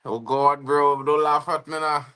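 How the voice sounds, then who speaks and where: A Trinidadian man putting on a lower voice to play a sheepish young footballer begging his teammate not to laugh at him. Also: level tone, unhurried, sharp tone, clean tone. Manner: pleading, mock-embarrassed. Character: sheepish young male footballer being teased.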